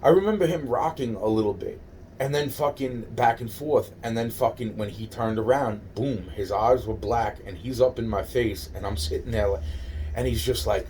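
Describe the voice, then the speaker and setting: A man's voice: medium pitch, normal speed, a little mellow, distant mic, a little hiss or hum. A man in his forties telling a personal story in a rambling, profane way, often repeating himself.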